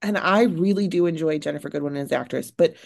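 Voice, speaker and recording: Low-voiced woman podcast co-host. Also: fast, gravelly. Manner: chatty, repeats words while finding her point. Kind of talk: casual chat.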